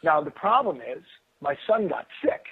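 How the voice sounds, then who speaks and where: A guest author on a call-in radio show tells a casual story, his high-pitched voice racing along loosely. He is excitable and rambling, constantly restarting and dropping in fillers. Over the tinny phone line he sounds husky and thin.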